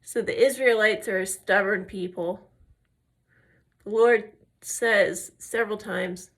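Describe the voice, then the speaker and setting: Slow and fairly even in intonation, this medium-pitched woman's voice has a fairly bright tone. The makeup and faith vlogger walks through her routine step by step, chatting and telling stories as she wanders between tangents.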